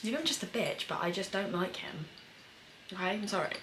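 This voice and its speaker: A woman's voice: mid-range voice, expressive, a little fast, background noise. A young woman, chatting casually about a series she is watching, full of fillers and getting emotional and sweary. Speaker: screenwriter reacting to a series. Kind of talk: casual reaction commentary.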